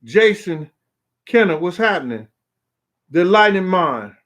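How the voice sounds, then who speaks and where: A man's voice: sits high, sing-song, a little slow, fairly bright tone, muffled recording. A man hosting a casual call-in talk show, rambling in a streetwise way and often asking "you know what I'm saying". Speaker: show host. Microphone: phone call on air.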